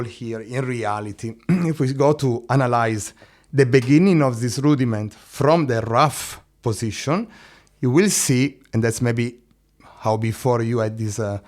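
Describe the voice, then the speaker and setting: A man's voice: mid-range voice, darkish tone. A man teaching a drum lesson, counting beats aloud, singing drum syllables and checking in with "no?" and "eh?".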